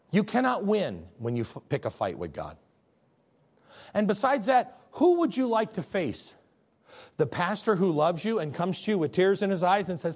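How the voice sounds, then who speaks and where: A man's voice: high-pitched, darkish tone, husky. A man preaching a sermon as a pastor, telling stories with comic character voices.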